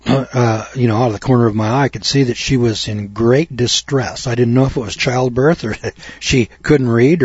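A man's voice: medium pitch, darkish tone, slightly rough, dry recording. A cocky man telling a ranting story in a folksy monologue, acting out both sides of a conversation. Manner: cocky, ranting, mimics others in quotes. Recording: dull, slightly lo-fi dry recording.

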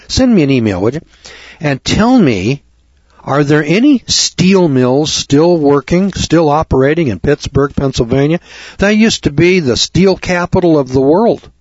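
Here the radio monologue comes in a voice on the high side, with no room sound, over a dull lo-fi broadcast. The host rants through rhetorical questions and sarcastic asides, addressing his audience as kids.

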